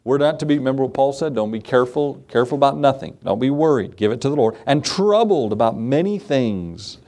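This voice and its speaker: A male pastor delivering an evening sermon in an easy, talkative manner. He leans on rhetorical questions, little laughs and asides to the congregation. His voice sits at an ordinary middle pitch, swinging up when he stresses a point and sinking low as phrases trail off. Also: lively intonation, brisk. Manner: conversational preaching with rhetorical questions and soft laughs.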